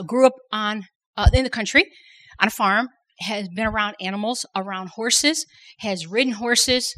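A woman's voice: medium pitch, a bit bright, poor audio. A middle-aged woman sharing a faith testimony at a women's workshop, earnest and repeating words for emphasis. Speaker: women's conference workshop speaker.

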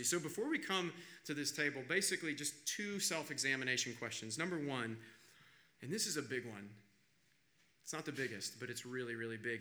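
Male pastor, brilliant ringing tone, emphatic preaching, loud then hushed. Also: mid-range voice. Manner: emphatic, swings between loud urgency and hushed appeals. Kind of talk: sermon.

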